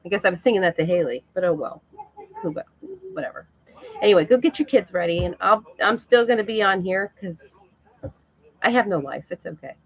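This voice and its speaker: A woman's voice: fairly low pitch, animated, a little fast, breathy edge, no room sound, low-quality recording. A middle-aged woman chatting casually and emotionally on a live stream to her viewers, laughing often.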